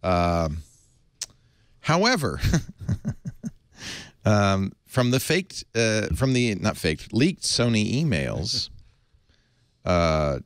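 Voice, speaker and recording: A man's voice: fairly low pitch, extremely slow, long pauses, no echo, studio quality. A man hosting a casual tech podcast, reading news stories aloud with many fillers and chuckles. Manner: animated, reads news aloud with fillers and laughs. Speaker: host.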